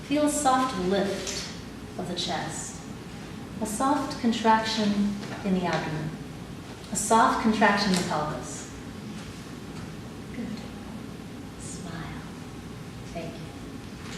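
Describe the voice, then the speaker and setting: A woman giving a live talk and calmly guiding an audience through exercises, with gentle instructive phrasing. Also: mid-range voice, takes it slowly, pauses often, background noise. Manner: gentle, instructive, laughs easily. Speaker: performer leading the audience. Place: large hall with an audience. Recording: very echoey hall, speaker far off.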